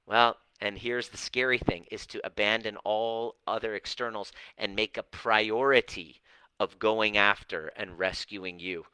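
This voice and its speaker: A man coaching live viewers, telling stories with lively acted-out dialogue and casual swearing. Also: fairly low pitch, measured pace, clean tone, no room sound, rough recording. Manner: animated storytelling, acts out dialogue, swears casually. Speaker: relationship coach. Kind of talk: live-stream coaching talk.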